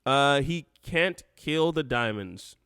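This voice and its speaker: A man hosting a live call-in show, animated and laughing, often restarting his sentences. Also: mid-range voice, slow pace, smooth, no echo, studio quality. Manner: animated, laughs often, talks over himself.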